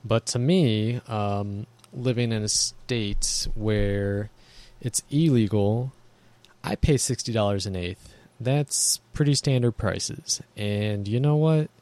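A man's voice: fairly low pitch, a little mellow, no echo. A man ranting casually to camera in a blunt, profane, rambling way.

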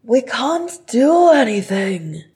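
A woman's voice: low voice, fairly even intonation, a little slow, creaky, mellow. A woman voicing a grieving male dwarf thief who speaks in a bitter, choked-up way, for an audiobook. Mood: anguished. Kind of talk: audiobook character voice.

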